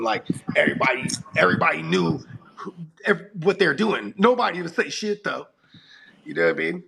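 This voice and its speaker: A man's voice: on the high side, gravelly, pushed and bright, slight background noise. A man in his forties co-hosting a casual chat, rambling and profane, laughing often, with a cold. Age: 40s. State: has a cold. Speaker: podcast co-host.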